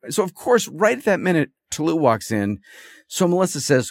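A man's voice: a little high, big pitch swings, normal speed, no room sound, clean studio sound. A man hosting a podcast, telling a story in a rambling, exasperated casual monologue. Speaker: podcast host.

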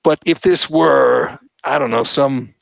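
Gravelly, animated male podcast host. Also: mid-range voice, slow, no room sound. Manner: animated, mocking quoted voices. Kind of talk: opinionated political commentary chat.

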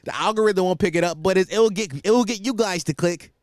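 A man's voice: high-pitched, fast, no echo, clean studio sound. A young man hosting a podcast, chatting casually in a rambling, profane and self-mocking way. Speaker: podcast host. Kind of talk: casual solo chat.

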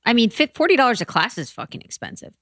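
A woman co-hosting a podcast, casual, blunt and quick to laugh. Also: fairly high pitch, wildly swooping pitch, fairly bright tone, dry recording, clean studio sound. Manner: blunt, laughs easily, swears. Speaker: podcast co-host. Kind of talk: casual chat.

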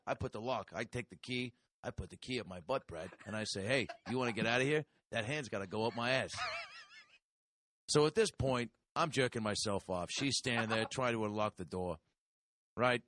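A man doing a loud, brash crude interrupter. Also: medium pitch, normal speed, a little hiss or hum, natural voice. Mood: crude bragging. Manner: blustering, profane, rambling. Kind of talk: comedy podcast bit.

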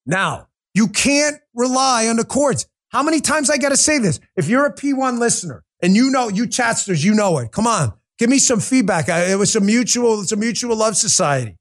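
Male political talk host: high voice, combative, sarcastic, addresses the audience directly. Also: lively intonation, moderate pace, hardly any pauses. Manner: talks straight to listeners, rhetorical questions. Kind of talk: political commentary show.

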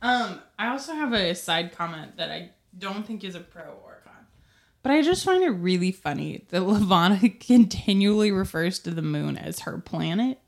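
Animated young woman hosting a book podcast. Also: fairly low pitch, normal speed, vocal fry. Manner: animated, laughs often, voices characters mockingly. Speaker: podcast host. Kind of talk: casual book discussion chat. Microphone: podcast microphone.

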